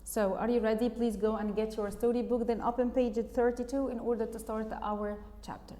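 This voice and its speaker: A woman's voice: fairly high pitch, level tone, a little fast, dark tone. Woman teacher, echoey room. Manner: patient, explains and repeats, asks the class questions. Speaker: English teacher. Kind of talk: reading a storybook aloud and explaining words to pupils.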